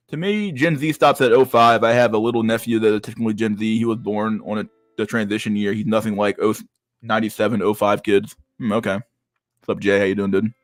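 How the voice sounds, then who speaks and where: A man's voice: lowish voice, fairly even intonation, fast, no room sound, faint music behind. A man streaming and reacting to chat messages in a blunt, profane way, often stumbling and repeating words. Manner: profane, blunt, restarts a lot. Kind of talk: casual livestream chat.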